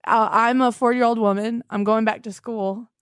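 Twenties woman podcast host, blunt, oversharing, kinda high voice, dry mic. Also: fairly even intonation, moderate pace, clear, resonant tone, no room sound. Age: 20s. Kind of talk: improvised comedy call-in.

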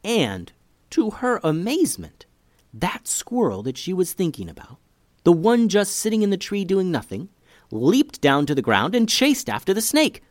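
A man hosting a children's story podcast, narrating with an animated, expressive reading on a close mic. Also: sits high, normal speed, no room sound.

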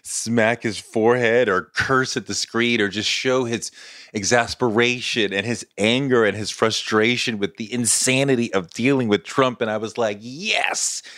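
A man hosting a podcast, introducing his guest and the episode in an earnest, measured way. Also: medium pitch, steady tone, a bit bright, dry recording, studio quality. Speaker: podcast host. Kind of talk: scripted introduction and interviewing.

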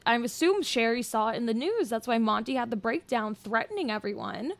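Podcast guest: young woman, slightly high-pitched, chatty and rambling, dry close mic. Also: animated, a little fast, no room sound. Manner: chatty, filler-heavy storytelling. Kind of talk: casual chat.

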